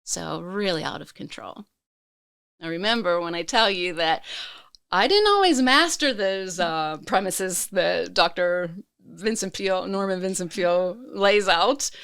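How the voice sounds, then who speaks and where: A woman podcast guest telling a personal story in a slow, reflective way, reliving the emotions. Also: on the low side, fairly even intonation, creaky, a bit bright, smooth, dry recording, studio quality.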